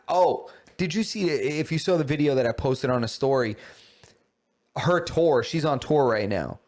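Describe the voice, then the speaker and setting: A man's voice: fairly high pitch, expressive, unhurried, a little mellow. Slangy man in blunt podcast banter. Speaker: podcast co-host. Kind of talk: casual chat.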